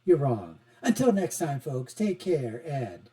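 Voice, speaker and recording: A man hosting a political commentary show, mocking and animated, swinging from loud outbursts to quiet asides. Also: fairly high pitch, slow pace, low-quality recording. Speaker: host.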